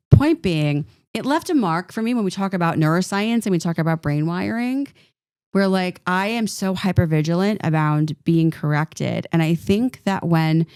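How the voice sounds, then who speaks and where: A woman co-hosting a podcast, telling a personal story in an animated, rambling way with lots of filler words. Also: on the low side, smooth, dry recording, clean studio sound. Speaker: podcast co-host. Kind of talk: casual storytelling chat.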